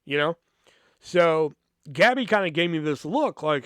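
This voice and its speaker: A man with a fairly high voice tells a meandering story from his school days. He swears constantly, pads his sentences with filler words and keeps restarting them. The sound is dry, with no room echo. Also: expressive, a little slow, fairly bright tone, smooth. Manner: rambling, heavy swearing, many fillers. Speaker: podcast host. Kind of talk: casual storytelling.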